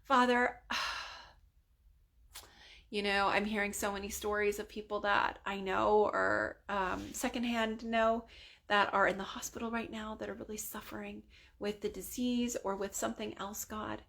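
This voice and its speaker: Gravelly, earnest woman praying aloud. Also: mid-range voice, fairly even intonation, unhurried, fairly bright tone. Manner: earnest, conversational, full of "you know" and "like". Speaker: prayer leader. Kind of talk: spontaneous spoken prayer.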